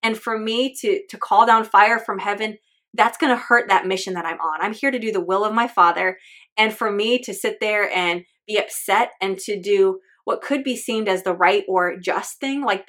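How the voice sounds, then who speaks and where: A woman's voice: medium pitch, normal speed, a bit bright. A woman hosting a faith podcast, talking in an earnest, candid and chatty way with lots of fillers. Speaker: podcast host.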